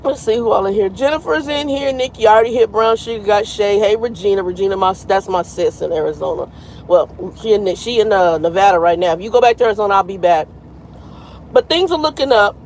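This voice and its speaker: A woman's voice: medium pitch, fairly quick, a little mellow, slight background noise, rough recording. A woman in her fifties, a truck driver chatting frankly on a casual live stream and greeting viewers by name. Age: 50s. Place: in a truck cab at a terminal.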